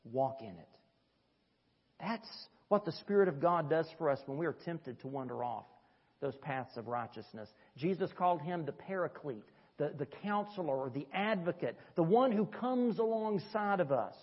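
A man preaching a sermon as pastor, swinging between soft, low passages and raised, emphatic peaks. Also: expressive, moderate pace, husky. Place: church sanctuary. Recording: dull, echoey church hall sound.

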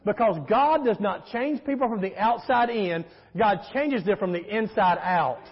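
A pastor's sermon rings through a church sanctuary, emphatic and built on storytelling and call-and-response. He speaks at a moderate pace in a high-pitched, husky voice, and the echoey hall leaves the sound muffled.

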